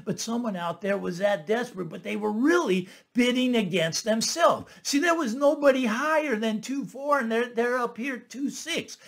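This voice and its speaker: A man's voice: very high voice, moderate pace, vocal fry, hardly any pauses, a bit bright. A middle-aged man who works as a real estate agent hosts his own channel, explaining things in casual commentary. He repeats phrases for emphasis and keeps asking "right?". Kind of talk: casual talking-head commentary.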